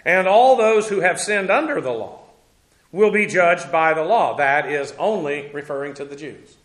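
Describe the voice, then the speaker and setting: High-voiced man teaching a sermon. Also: animated, moderate pace, fairly bright tone. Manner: conversational Bible teaching with frequent fillers and restarts. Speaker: pastor. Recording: echoey room sound.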